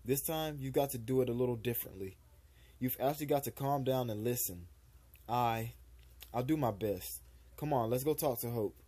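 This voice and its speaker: Young male streamer, mellow tone, casual read-aloud of game dialogue with occasional stumbles. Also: medium pitch, moderate pace.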